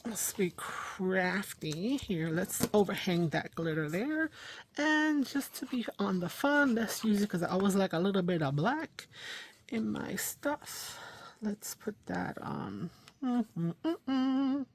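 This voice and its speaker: A woman hosts a casual crafting livestream. She thinks aloud as she works, fills pauses with ums and you-knows, and laughs at herself. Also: mid-range voice, lively intonation, slight background noise. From New York, USA. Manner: chatty, thinks aloud while working, frequent fillers; self-deprecating, laughs at herself. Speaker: craft channel host.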